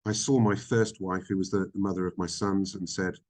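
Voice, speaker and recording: A middle-aged man speaking frankly as a podcast guest, reflective and halting, with many ums. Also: sits low, fairly even intonation, a little mellow. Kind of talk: candid interview conversation.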